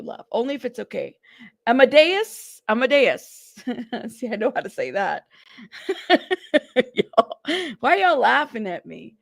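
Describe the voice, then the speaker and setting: A woman's voice: on the high side, vocal fry, no echo. Chatty woman greeting her livestream viewers. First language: Spanish. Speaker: livestream host. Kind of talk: casual livestream chat.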